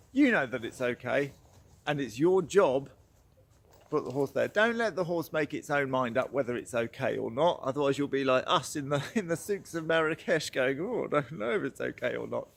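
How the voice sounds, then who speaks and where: A man's voice: medium pitch, lively intonation, moderate pace. A man telling a horse-training story in a casual, chatty way, laughing often and acting out quotes.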